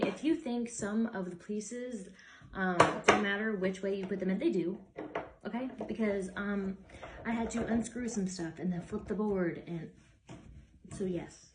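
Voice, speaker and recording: A woman's voice: mid-range voice, noisy background. A young woman chatting casually while she assembles furniture, exasperated and swearing now and then. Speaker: vlogger.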